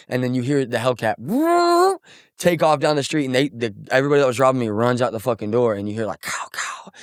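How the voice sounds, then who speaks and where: A man's voice: medium pitch, smooth, no room sound, clean studio sound. A young man from Missouri, a musician guest, telling a story casually and acting out quotes with lots of swearing.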